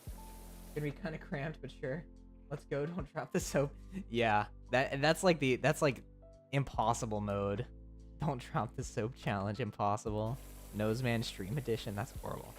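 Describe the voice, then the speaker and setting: Speaking at medium pitch and normal speed over soft background music, a young streamer chats casually and jokingly with his viewers. He rambles, laughs often, and responds to chat as he goes.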